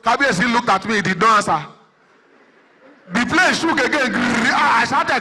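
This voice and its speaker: A Nigerian man performs stand-up comedy, his high, very bright voice ringing through a big event hall with a long echo. He tells his stories in an animated way, putting on other people's voices and breaking into shouts. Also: unhurried, a little hiss or hum. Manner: animated storytelling, acting out characters with shouts. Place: large indoor event hall.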